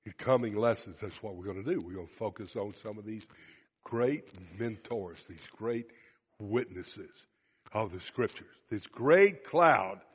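Heard with a long hall reverb, a husky, mid-range male voice delivers an animated sermon. He poses questions to the congregation and acts out snippets of dialogue.

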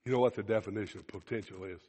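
Racing along in a lowish, husky voice, a preacher animatedly questions his congregation and acts out pieces of dialogue. The recording has a long hall reverb.

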